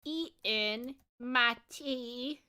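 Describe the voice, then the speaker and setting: A stiff, overdone cockney voice, put on by a woman with a bright, sharp edge. The mock British accent lands a little lower than her own voice, with clipped, self-mocking delivery. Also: very slow, smooth, full character voice. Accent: mock British, put on badly.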